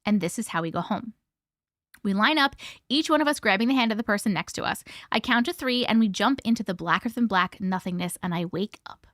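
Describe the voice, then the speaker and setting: A woman hosting a live stream reads a listener's story aloud, bluntly and expressively, with cursing and reactions mixed in. Her medium-pitched voice is animated and a bit bright, moving a little fast. It's a clean studio recording with no echo.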